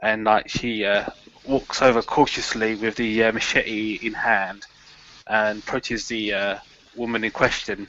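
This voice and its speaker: A man with a bright, forceful voice plays in a tabletop horror game, describing his character's moves in a rambling way with many restarts and "sort of". His voice comes through a video call with dull, lo-fi sound. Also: on the low side, flat delivery, unhurried, slight background noise. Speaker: player. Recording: lo-fi online call audio.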